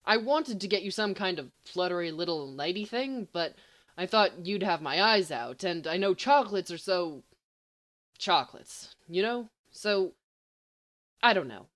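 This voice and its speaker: A woman's voice: lowish voice, animated, unhurried, fairly bright tone. A woman voicing a bumbling, boastful young male student who turns from flustered apology to giddy bragging, in an amateur audiobook reading. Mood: nervous, apologetic.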